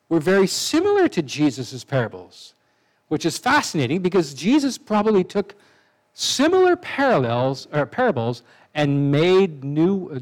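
A man's voice: sits high, poor audio. A man preaching a sermon in a conversational way, with asides and restarts.

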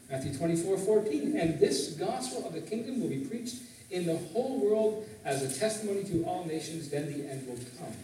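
A man with a high voice preaches a teaching sermon from the pulpit, often turning to the congregation with questions. He stands at a distance from the mic, and the church hall rings with heavy echo. A faint hum of room ambience sits underneath. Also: darkish tone. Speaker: pastor. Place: church sanctuary, in Canada.

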